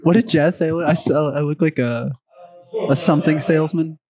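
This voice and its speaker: Man in mid-pitch, chatty and laughing. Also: moderate pace, crowd noise. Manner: laughs often, tells stories. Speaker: podcast co-host. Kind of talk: casual banter.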